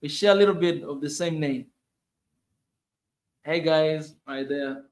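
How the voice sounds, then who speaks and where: An excitable man hosts a casual livestream, his voice sitting a little high as he repeats phrases and calls out greetings to viewers across platforms. He talks loosely and warmly with his returning guest. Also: measured pace, long pauses, echoey room. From Africa. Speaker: livestream host.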